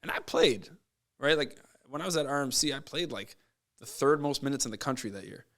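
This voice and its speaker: A man guesting on a podcast as a basketball coach, telling stories in a casual, animated way and acting out what people said. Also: medium pitch, brisk. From Nova Scotia, Canada. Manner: animated, acts out quoted voices. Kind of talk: casual storytelling.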